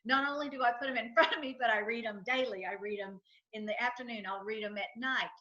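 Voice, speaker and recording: A middle-aged woman speaks as an interview guest, with a high, forceful, bright voice. She drives each point home by repeating it and acting out quotes. The sound is muffled and lo-fi. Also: steady tone, fast talker. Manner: emphatic, repetitive, storytelling with acted quotes. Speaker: guest, financial advisor and entrepreneur. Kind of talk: enthusiastic interview talk.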